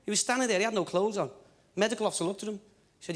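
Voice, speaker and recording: A man's voice: sits high, rapid-fire. A man with a Liverpool accent doing a chatty stand-up comedy routine, stumbling over restarts between punchlines. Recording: echoey live theatre, loud audience laughter.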